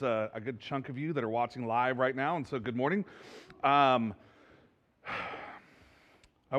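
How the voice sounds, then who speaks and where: A man preaching a sermon as pastor, in a conversational, animated way that builds to loud emphasis. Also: medium pitch. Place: church sanctuary. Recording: reverberant church hall.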